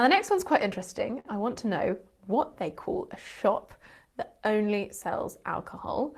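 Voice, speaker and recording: A British woman, an English teacher and channel host, explaining word differences playfully with frequent laughs and teasing asides. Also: medium pitch. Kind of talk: explaining vocabulary to camera.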